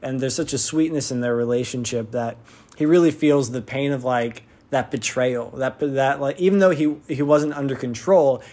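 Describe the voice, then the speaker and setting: A man's voice: medium pitch, normal speed, a little mellow. A man reviewing a TV episode in casual talk, rambling with lots of fillers and restarts, sounding like an enthusiastic fan.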